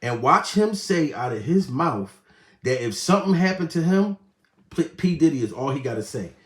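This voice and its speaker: A man doing a profane comedic rant as host, animated and laughing, swinging between shouts and low asides. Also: moderate pace, roomy sound.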